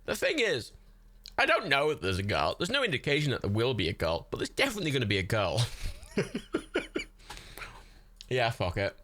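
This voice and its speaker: A man's voice: medium pitch, wildly swooping pitch, fairly quick, long pauses, pushed and bright, no room sound. A man from Ireland hosting a livestream watch party, chatting casually, swearing a lot and laughing often. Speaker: livestream host. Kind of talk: casual chat during a movie watch party.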